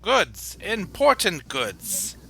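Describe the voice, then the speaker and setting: A man's voice: high voice, huge pitch swings, extremely slow, fairly bright tone, voice pushed up, heavily acted. A man voicing an evasive, secretive male merchant whose voice keeps changing. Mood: haughty. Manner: switches voices mid-conversation.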